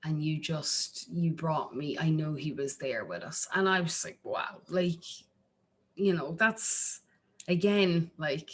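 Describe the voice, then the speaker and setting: An Irish woman from Ireland, a singer-songwriter chatting casually as an interview guest, animated and full of restarts. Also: slow. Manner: animated, acts out quotes in a jumpy high voice, lots of restarts.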